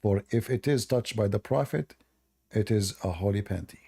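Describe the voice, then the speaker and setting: A man who is not a hosts a call-in debate, arguing in a sarcastic, emphatic way while his voice is going hoarse. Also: on the low side, moderate pace, warm tone. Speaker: host.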